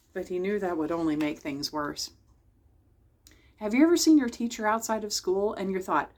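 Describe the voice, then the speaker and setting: A woman librarian reading a bedtime picture book aloud to children, expressive and speaking directly to her young listeners. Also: mid-range voice, moderate pace.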